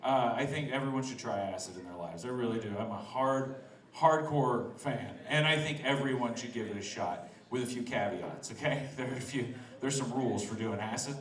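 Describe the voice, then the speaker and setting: Laughing stand-up comic, roomy and distant. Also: male voice, mid-range voice, moderate pace. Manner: loose, laughing, crowd-teasing delivery. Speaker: stand-up comedian. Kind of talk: open-mic stand-up set. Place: outdoors in front of a restaurant.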